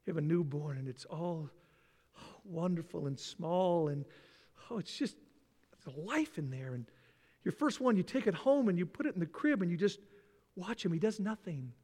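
An older man preaching a sermon dramatically, acting out voices and dropping into soft, near-whispered lines. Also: high-pitched, expressive, normal speed. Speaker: pastor. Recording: long reverb in a large hall.

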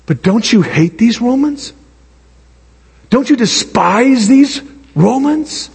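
Pastor, male, high husky voice, animated sermon, big hall echo. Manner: animated, drawn-out emphatic preaching with acted asides. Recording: long hall reverb.

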